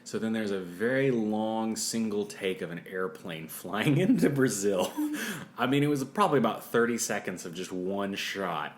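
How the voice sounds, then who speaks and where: A man co-hosting a casual podcast, recapping a movie plot and briefly doing quick offhand voices for its characters. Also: on the low side, animated. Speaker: podcast co-host.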